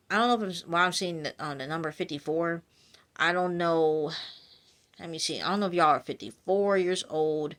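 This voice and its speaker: A woman's voice: fairly low pitch, fairly bright tone. A woman reading a casual prophetic message of encouragement, chatty and full of fillers, addressing her listeners directly. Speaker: spiritual message reader.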